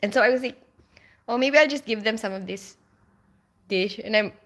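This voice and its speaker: A woman's voice: a little high, normal speed, a bit bright. A woman hosting a casual live stream from home, chatting with viewers in a rambling way, with plenty of laughter and filler words. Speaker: livestream host reading viewer chat.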